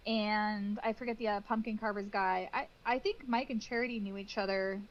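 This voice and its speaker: A woman in her thirties, a guest cake decorator in a casual interview, telling lively stories and acting out what people said. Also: mid-range voice, normal speed, lo-fi sound. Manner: animated storytelling with acted-out quotes and laughs.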